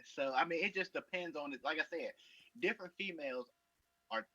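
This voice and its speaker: A man's voice: on the high side, fast, sharp tone, no room sound. A man speaking bluntly and in a laid-back way in a casual podcast chat. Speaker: podcast panelist. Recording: dull lo-fi mic.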